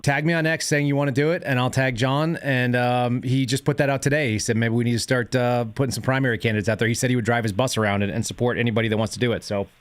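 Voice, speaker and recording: A man's voice: mid-range voice, fairly even intonation, fast, few pauses, no room sound. A man hosting a call-in show, chatting casually and telling rambling stories, laughing as he goes. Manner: rambling storyteller, laughs through his stories.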